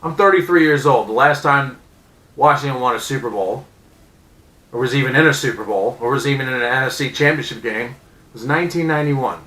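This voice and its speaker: A man in his thirties ranting angrily as a sports fan, profane and sarcastic, with loud outbursts. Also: medium pitch, fairly quick, echoey room, rough recording. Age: 30s. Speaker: vlogger. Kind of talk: angry sports fan rant.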